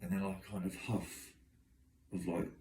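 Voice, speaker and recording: Deep-voiced Englishman, aggrieved and rambling. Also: level tone, unhurried, mellow, distant mic. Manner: aggrieved, agitated, run-on storytelling. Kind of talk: rambling monologue to camera. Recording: echoey room, voice away from mic.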